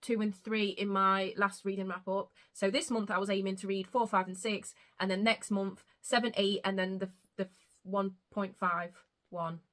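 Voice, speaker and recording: A woman's voice: medium pitch, fairly even intonation, normal speed, fairly bright tone. A young woman chatting casually about books she read, gushing and emotional, swearing freely. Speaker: book vlogger. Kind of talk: casual chat.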